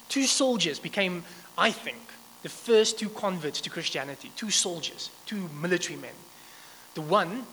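Male preacher, slightly high voice, animated delivery, echoing hall. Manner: animated storytelling with many restarts. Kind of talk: sermon. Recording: long reverb, faint background noise.

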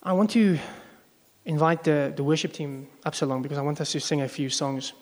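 A man's voice: fairly high pitch, a little fast, darkish tone. A male pastor preaching a sermon to a congregation in a conversational way, often asking them questions. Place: church service before a congregation. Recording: long echo of a large hall.

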